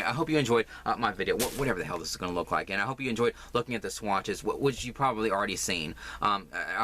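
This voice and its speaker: A man's voice: on the low side, pushed and bright, slight background noise. A man vlogging casually about crochet, rambling, self-mocking and overdramatic. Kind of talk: casual chat vlog.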